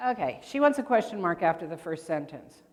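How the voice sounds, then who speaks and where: A woman's voice: on the low side, big pitch swings, fairly quick. An older woman presenting grammar at a convention workshop, chatty and quizzing her audience with questions. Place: large convention hall. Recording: long hall reverb.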